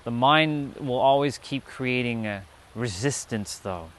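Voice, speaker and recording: Casting: a man streaming outdoors, casual and profane spiritual storyteller, mid-pitched voice. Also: measured pace, fairly bright tone, slight background noise. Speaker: livestream host. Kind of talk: spiritual talk to a live chat. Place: outdoors, sitting on a rock.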